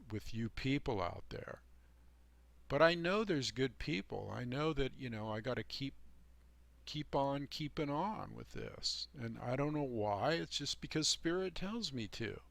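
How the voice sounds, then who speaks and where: A man with a rough, gravelly voice lectures his viewers in a rambling, preachy monologue. He is emphatic and folksy, throws in sarcastic asides, and his words land close and dry with no room sound. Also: medium pitch, sing-song, unhurried, fairly bright tone, no echo. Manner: emphatic and folksy, heavy on "you know" and "man". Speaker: channel host giving life advice.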